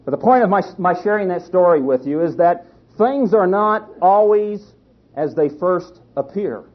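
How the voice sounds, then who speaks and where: Husky-voiced folksy preacher. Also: male voice, high voice, lively intonation. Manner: folksy, halting with restarts. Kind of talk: storytelling sermon. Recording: dull lo-fi recording.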